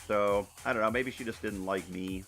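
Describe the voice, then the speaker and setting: A man's voice: on the low side, fairly even intonation, normal speed, fairly bright tone, soft background music. A man chatting casually with viewers while he paints live, rambling and self-deprecating, with many restarts and laughs. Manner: talks to viewers as he works. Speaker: artist streaming a live painting session.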